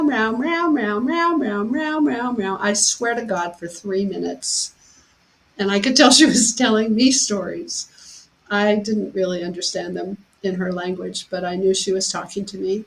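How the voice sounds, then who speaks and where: A woman hosting a talk show, telling a personal story in a heartfelt way and getting animated when she quotes people. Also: mid-range voice, moderate pace, vocal fry, poor audio. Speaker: podcast host.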